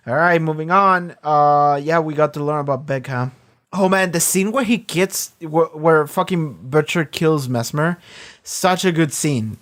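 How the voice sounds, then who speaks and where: A man's voice: a little high, measured pace, a bit bright. Profane, rambling reaction-video guy. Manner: loose, profane retelling full of fillers. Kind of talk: casual reaction commentary.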